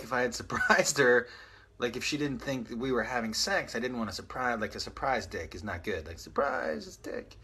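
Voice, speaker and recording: A man's voice: fairly low pitch, a bit bright, slightly rough. A man in his forties hosting a live stream, telling rambling, self-mocking stories and answering viewer comments. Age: 40s. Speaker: podcast host on a live stream. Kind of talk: casual storytelling and reading viewer comments.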